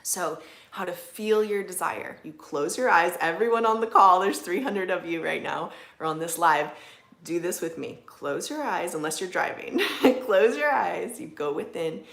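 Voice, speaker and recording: Woman, slightly low voice, relaxed livestream chat, filler-heavy, roomy home echo. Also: normal speed, gravelly. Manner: relaxed and chatty, with many "like"s and soft laughs. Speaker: livestream host, manifestation coach. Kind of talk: casual live-stream chat reading viewer comments. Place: indoors at home.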